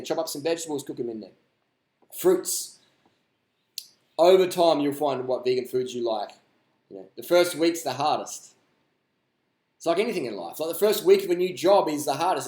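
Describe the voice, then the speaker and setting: With a fairly high-pitched, darkish voice in a reverberant space, a man hosts a live stream and answers viewer questions. The chat is casual and unscripted, and he's blunt, rambling, and profane.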